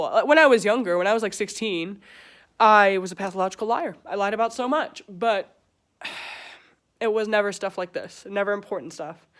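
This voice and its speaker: A young woman with a British accent talking frankly in a personal vlog, pausing often and searching for words. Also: mid-range voice. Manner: frank, halting, with pauses and fillers. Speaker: vlogger. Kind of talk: candid personal vlog talk.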